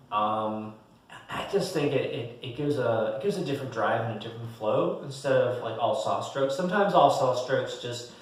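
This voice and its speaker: A man's voice: medium pitch, recorded from a distance. A man explains fiddle bowing patterns in an easygoing, hesitant lesson, full of ums and restarts as he counts out beats. He sits a little off mic in a strongly reverberant room. Fiddle tunes sound between his words. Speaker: fiddle teacher. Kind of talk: casual one-on-one music lesson. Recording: very echoey room, a bit off mic. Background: fiddle playing between talk.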